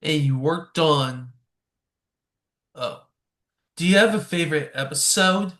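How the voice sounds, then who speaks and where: A man's voice: a little high, slow pace, a bit bright. A man hosting a podcast, asking plain interview questions. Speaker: podcast host.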